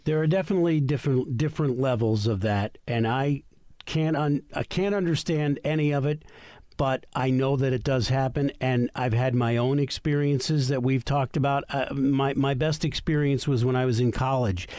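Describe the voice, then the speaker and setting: A man's voice: mid-range voice, normal speed, dark tone, no echo, clean studio sound. A middle-aged man, the host's husband, telling rambling, sarcastic anecdotes in a casual podcast chat.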